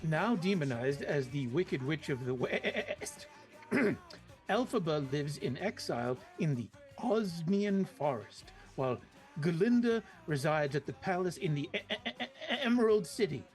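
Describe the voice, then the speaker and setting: A man's voice: fairly high pitch, animated, unhurried, faint music behind, poor audio. A man voicing a learned male goat doctor with an oddly British, slightly goaty manner, reading in a mock-grand storybook way.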